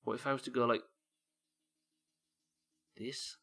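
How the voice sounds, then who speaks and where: A man's voice: medium pitch, steady tone, a little slow, gravelly, bright, forceful tone, husky. A man streaming a game live, thinking aloud, puzzled and swearing as he works out a problem. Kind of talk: live gameplay commentary.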